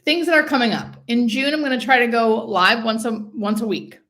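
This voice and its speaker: A woman's voice: on the high side, animated, brisk, a bit bright. A woman, a hospice nurse, hosting a casual live stream, chatting and reading out viewer comments.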